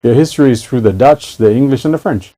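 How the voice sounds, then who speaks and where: Man, casual chat, emphatic, repeats himself, dark mellow voice. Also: mid-range voice, fast, rough recording.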